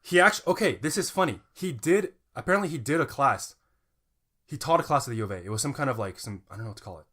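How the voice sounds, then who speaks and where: A man's voice: mid-range voice, animated, fast talker, sharp tone. A man co-hosting a podcast in casual chat, joking with his co-host and reading passages aloud.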